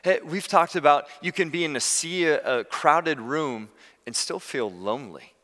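Pastor in a reverberant hall, bright voice. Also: male voice, fairly high pitch, moderate pace. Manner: conversational storytelling, animated. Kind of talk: sermon.

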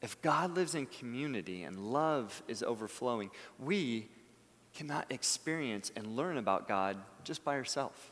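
A man preaching a sermon as pastor, earnest, rising to emphatic peaks and then dropping to soft, quiet phrases. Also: mid-range voice, animated, a little slow. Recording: long hall reverb.

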